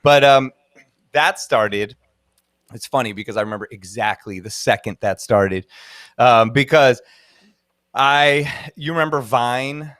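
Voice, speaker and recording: A man's voice: mid-range voice, unhurried, pauses often, fairly bright tone, dry recording. Dj dude in his 30s rambling thru a story, laughs a lot, dry close sound. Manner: rambling, laughs often, many fillers. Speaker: guest DJ. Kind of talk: casual storytelling.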